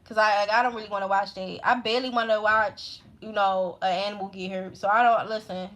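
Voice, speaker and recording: A woman's voice: medium pitch, fairly even intonation, a little fast, fairly bright tone. A woman host with a Baltimore accent, chatting casually and rambling in slangy talk to her viewers. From Baltimore, USA. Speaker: astrology channel host.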